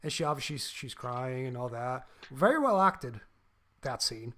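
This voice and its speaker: A man's voice: mid-range voice, animated, normal speed, bright, forceful tone. A man co-hosting a podcast, talking casually and animatedly about a film, swearing freely and acting out quotes. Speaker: podcast co-host.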